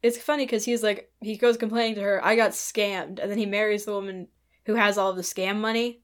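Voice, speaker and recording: A woman's voice: mid-range voice, fairly even intonation, brisk. Dry-joking woman chatting about a book. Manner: dry, joking asides and short interjections. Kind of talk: casual book discussion.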